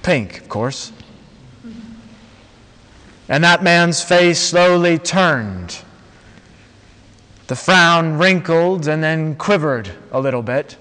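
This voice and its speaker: A man preaching a sermon, telling a story slowly and dramatically with long pauses. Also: a little high, lively intonation, sharp tone. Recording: long reverb of a large hall.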